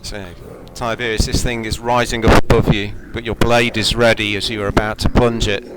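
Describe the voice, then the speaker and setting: A man acting as game master, telling the story of a tabletop game with measured narration and relaxed rules talk over a home microphone. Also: lowish voice, very noisy.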